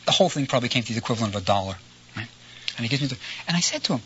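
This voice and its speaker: A man's voice: medium pitch, racing. A middle-aged man lecturing in a storytelling way, conversational, often checking in with his listeners. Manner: animated, conversational, frequent "right?" asides. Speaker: lecturer on ancient history. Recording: slightly dull lo-fi recording with faint noise.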